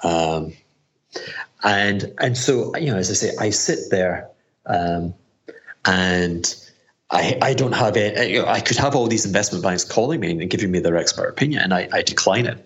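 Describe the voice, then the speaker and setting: Very low-voiced rambling man. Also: animated, normal speed, fairly bright tone. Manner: rambling, many restarts and fillers. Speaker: guest investor. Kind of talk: casual interview chat.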